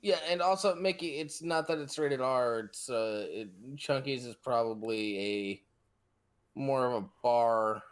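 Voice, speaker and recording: A man's voice: medium pitch, a little slow, clear, resonant tone. A man in casual podcast banter, speaking hesitantly and stumbling through guesses.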